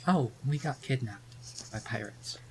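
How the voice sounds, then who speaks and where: Tabletop player, casual, quiet, mid-pitched voice, faint background noise. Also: expressive, measured pace, rough recording. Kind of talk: tabletop game play.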